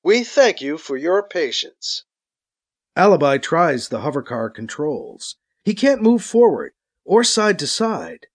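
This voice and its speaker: A man narrating a science-fiction story with a dramatic, expressive reading. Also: sits high. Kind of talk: audiobook narration.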